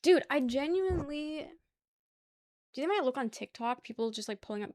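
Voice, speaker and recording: A chatty young streamer talks a little fast with lively intonation, her slightly high voice a touch mellow. She hops between topics with her viewers, swearing casually and laughing often, in a dry, close recording with no echo.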